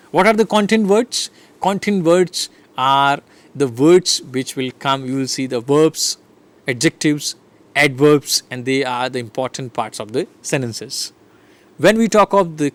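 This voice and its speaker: A man with an Indian English accent giving a classroom lecture on English intonation, demonstrating rhythms and often checking in with listeners. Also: medium pitch. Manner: animated, demonstrates rhythm and intonation with repeated examples; asks listeners frequent "right?" checks. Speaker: English teacher.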